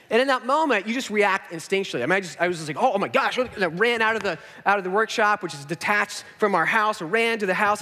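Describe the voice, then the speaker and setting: A man in his thirties, a pastor telling a story in a sermon, self-mocking and animated, acting out what people said. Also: sits high. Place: large church auditorium. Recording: hall reverb.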